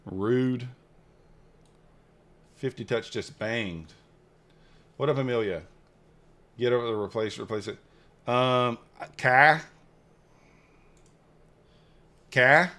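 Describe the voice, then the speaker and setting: A futures trading live streamer chats casually while streaming his trades, rambling and joking with his chat viewers. His voice is mid-range, he takes it slowly, and he leaves long pauses.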